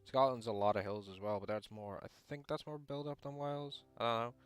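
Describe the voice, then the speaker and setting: A man's voice: mid-range voice, fairly quick, clean tone. A young man reading a visual novel aloud and rambling off into casual, mildly sweary asides. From England. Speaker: game streamer.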